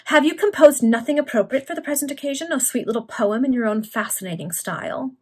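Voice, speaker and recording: A sly elder lady teases with gushing praise, as a woman puts her on. The voice is lifted and breathy. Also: high-pitched, quick pace, pitched above the performer's own voice. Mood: teasing. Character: teasing elder female spinster, sly.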